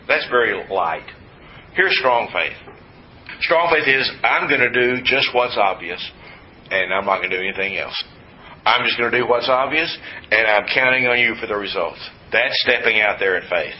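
A man from West Texas preaching a sermon, stressing and repeating key words with folksy asides, in a slightly muffled recording. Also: medium pitch. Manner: emphatic, repetitive teaching with folksy asides. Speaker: pastor. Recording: slightly muffled with faint hiss.

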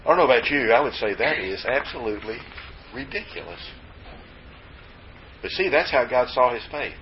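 A man preaching a sermon in a folksy, joking manner with lively emphasis and asides. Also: medium pitch, fast talker, noisy background. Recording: slightly dull lo-fi recording with faint ambience.

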